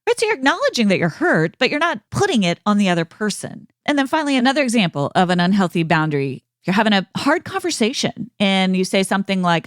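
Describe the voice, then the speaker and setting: A middle-aged woman hosting her own podcast, speaking in an earnest, measured teaching tone. Her pitch rises and falls a great deal as she stresses key words. She is recorded close on a studio mic in a dry room with no echo. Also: big pitch swings. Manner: earnest, measured, acts out example phrases. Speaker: podcast host and counselor. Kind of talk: calm teaching monologue with read sponsor ads.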